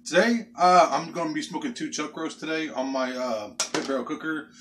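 A man with a fairly high voice chats through a backyard barbecue vlog in a relaxed, folksy way, calling his viewers folks. He talks outdoors beside his smoker, with faint noise around him. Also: brisk. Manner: folksy, chatty, addresses viewers as folks and y'all. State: coughing from pepper rub. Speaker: barbecue channel host. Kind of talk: casual cooking vlog.

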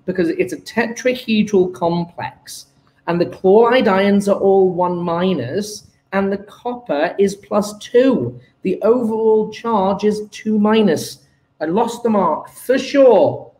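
A man's voice: sits high, slow, a little mellow, low-quality recording. A man talking casually through an exam paper review as a chemistry teacher, chatty and self-deprecating, exclaiming at his own mistakes.

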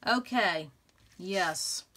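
A woman hosting a scrapbooking video, chatting excitedly and thinking aloud as she arranges papers, laughing often. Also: lowish voice, extremely slow. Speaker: scrapbooking channel host. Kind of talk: casual crafting tutorial chat.

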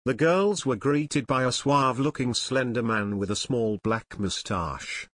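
A man narrating an audiobook in a clear, expressive storytelling way. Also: mid-range voice, unhurried, hardly any pauses, no echo. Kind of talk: scripted narration.

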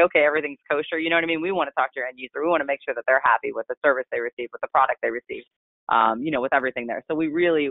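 A man's voice: mid-range voice, dry recording. Man presenting over a tinny phone line. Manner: chatty, rambling, self-described monotone. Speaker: product trainer. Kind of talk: casual webinar presentation. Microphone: conference call line.

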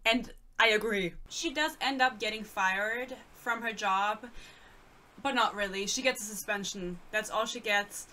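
Ranting young German woman, bright voice. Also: mid-range voice, measured pace, a little hiss or hum. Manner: sarcastic, ranting, reads excerpts aloud. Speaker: book reviewer. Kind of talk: casual rant.

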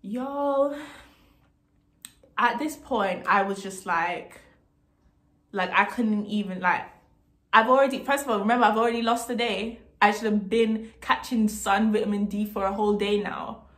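A young woman vlogger telling a story to camera in a casual, indignant, animated way, swearing freely as she goes. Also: medium pitch, unhurried. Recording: roomy echo.

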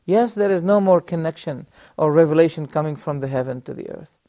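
A middle-aged man teaching a religious lesson on a TV program, telling a story earnestly with measured pauses and rhetorical questions, speaking straight to his audience. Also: a little high, warm tone, no echo. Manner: addresses the audience directly. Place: TV studio.

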